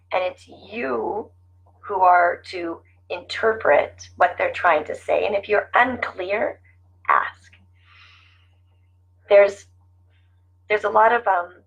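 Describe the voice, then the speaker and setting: A woman's voice: medium pitch, gravelly, fairly bright tone, husky. A middle-aged woman giving casual, earnest life-coaching talk to her viewers, often repeating her phrases. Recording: dull lo-fi sound.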